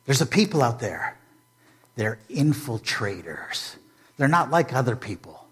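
A man's voice: medium pitch, big pitch swings, measured pace. A man voicing an arrogant, vengeful ancient royal official in a storytelling sermon, ranting threats and then fawning. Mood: scheming, fawning.

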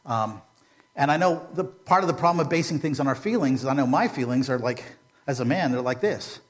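A male pastor delivering a sermon with a lively, swooping pitch. He talks conversationally and with humor, leaning on repeated rhetorical questions. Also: brisk.

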